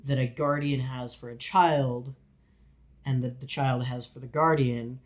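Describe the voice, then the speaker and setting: A man co-hosting a podcast, speaking in a thoughtful, measured way in casual chat. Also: mid-range voice, steady tone, highs cut off. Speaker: podcast co-host.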